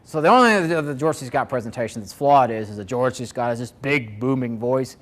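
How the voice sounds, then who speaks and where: A man's voice: medium pitch, quick pace. A man presenting a marketing seminar to a live audience, talking conversationally and asking the room questions.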